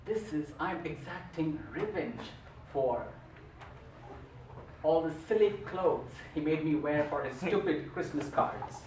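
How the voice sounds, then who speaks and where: A man's voice: a little high, expressive, slow, a little mellow, a little hiss or hum. A man voicing a smug male house cat who explains that he is taking revenge, in an echoey room heard from a distance. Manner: smug, self-righteous.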